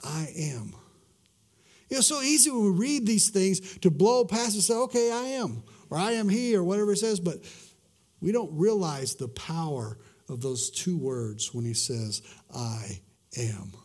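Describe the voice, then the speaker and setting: A middle-aged man preaching a sermon as a pastor, repeating himself, dropping to a hush and slowing on key words. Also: a little high. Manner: swings from loud emphasis to hushed, drawn-out words; repeats words and restarts mid-sentence.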